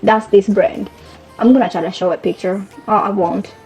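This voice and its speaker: A woman's voice: medium pitch, fairly even intonation, normal speed, darkish tone. A young woman chatting casually as a fashion vlogger, rambling and correcting herself as she goes. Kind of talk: casual chat. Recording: faint background music.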